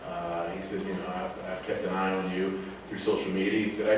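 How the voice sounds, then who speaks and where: Casual male storyteller with a low voice, recorded from afar with faint room noise. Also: little pitch movement, a little fast. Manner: rambling, laid-back, swears casually, laughs often. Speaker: speaker telling travel stories. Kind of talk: casual public talk with audience questions. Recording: echoey room, mic far off, faint noise.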